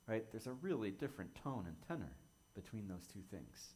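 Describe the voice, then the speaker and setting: Gentle, low-voiced male minister. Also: big pitch swings. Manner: gentle, measured, reflective. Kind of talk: sermon.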